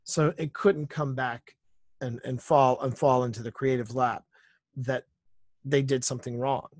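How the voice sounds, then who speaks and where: A man's voice: medium pitch, steady tone, unhurried, no room sound. Man telling work stories, dry sound. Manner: anecdotal, repeats phrases for emphasis. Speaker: author and entertainer guest. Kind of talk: casual storytelling interview.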